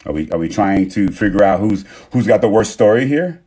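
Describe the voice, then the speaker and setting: A young man talking casually on a live stream, rambling and emphatic as he acts out what others say. His voice has a husky, slightly rough edge. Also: on the low side, lively intonation, fairly quick, a little mellow. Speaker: TikTok live host.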